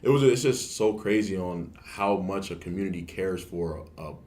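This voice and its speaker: A young man from Ohio, a college football player, talking casually as an interview guest in a loose, relaxed way. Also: low-pitched, normal speed. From Canton, Ohio. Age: young adult. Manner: relaxed, loose talk with frequent "like" fillers.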